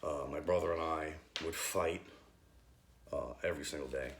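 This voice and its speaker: A man, a youth group leader, giving a halting, nervous personal faith testimony full of ums. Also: extremely low pitch, steady tone, roomy sound, slight background noise. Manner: hesitant, halting, many ums.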